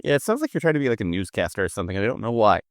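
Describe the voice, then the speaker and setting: A man with a low, smooth voice trades deadpan jokes as a podcast co-host. He sits right on a dry close mic. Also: rapid-fire, no echo. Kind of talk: casual podcast chat.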